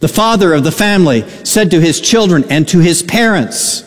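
A pastor preaching a sermon, telling a story slowly and earnestly, with dramatic pauses. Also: male voice, a little high, expressive, long reverb tail.

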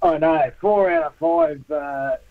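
A man's voice: a little high, takes it slowly, vocal fry, dry recording, narrow, tinny audio. A man with an Australian accent, chatting casually on radio about travel and surf, laughing often. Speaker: radio surf report regular.

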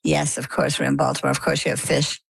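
An older woman from Maine tells her story as an interview guest, her voice low and gravelly. She acts out each quoted exchange as she goes. The sound is dry and close, with no room around it. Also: little pitch movement, fast, no room sound, poor audio.

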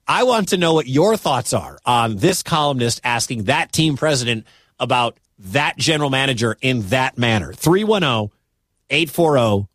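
A man from the American Midwest hosting a sports talk radio show, talking in an animated, incredulous, conversational way. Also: mid-range voice, dry recording, studio quality.

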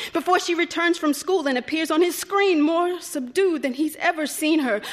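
A woman reading a literary short story aloud on stage, measured, her voice sometimes sinking to a near whisper. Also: sits high. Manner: measured, drops softly to near whisper at times. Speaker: reader. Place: live stage performance.

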